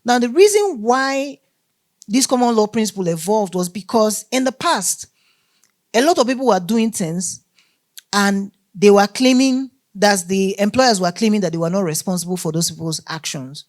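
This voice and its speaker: A woman's voice: mid-range voice, lively intonation, moderate pace, a little mellow. A woman teaching a workshop on law, emphatic and often checking that listeners follow. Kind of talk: lecture to a live group.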